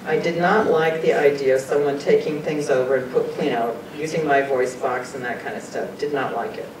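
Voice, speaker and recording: A woman tells her personal story in an earnest, chatty way, sometimes moved almost to tears. She sounds far from the mic in a reverberant meeting room. A low rumble runs beneath her voice. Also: steady tone, normal speed. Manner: earnest, conversational, often laughs and quotes people. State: emotional, choking up at times. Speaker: guest speaker sharing personal experiences.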